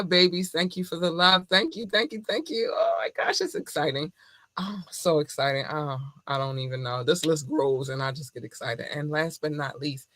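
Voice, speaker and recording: Bright, effusive woman podcast host. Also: low-pitched, dry recording, studio quality. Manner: effusive and playful, laughs often. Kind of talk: casual podcast monologue.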